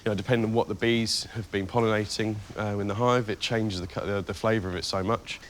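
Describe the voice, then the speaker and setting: A man's voice: lowish voice, fairly even intonation, fast talker, slight background noise. A man competing on a cooking show, explaining his dish with hesitant ums. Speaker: contestant. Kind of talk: interview answers. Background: background music.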